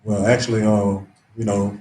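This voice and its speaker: A man reading scripture aloud to a class, slow and halting. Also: on the low side, little pitch movement, dark tone. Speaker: student reader. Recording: roomy, distant, faint background noise.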